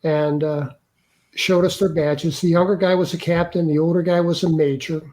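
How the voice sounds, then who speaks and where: An older man, an interview guest, earnestly recounting a personal experience in a halting way with many restarts. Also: fairly high pitch, level tone, a little mellow. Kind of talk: personal storytelling.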